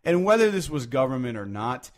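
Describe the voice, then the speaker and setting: Guy hosting a podcast, rambly and worked up, lots of cussing and restarts, average pitch. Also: a little fast. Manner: rambling, animated, swears freely, many restarts. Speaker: podcast host. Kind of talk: casual podcast chat.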